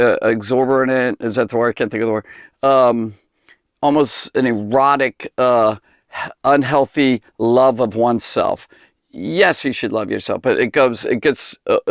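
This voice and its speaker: A man's voice: medium pitch, no echo, studio quality. A man giving an earnest Bible teaching, impassioned and rambling, with many restarts and fillers.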